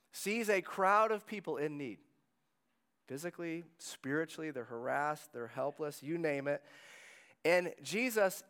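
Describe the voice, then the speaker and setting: Conversational pastor, a man preaching. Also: on the high side. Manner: conversational preaching with soft trailing phrase ends. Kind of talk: sermon.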